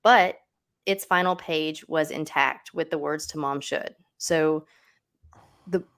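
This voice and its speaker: A woman's voice: low voice, slow, vocal fry, a bit bright. Chatty woman telling a true-crime story. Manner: chatty, conversational, lots of fillers and asides. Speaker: host.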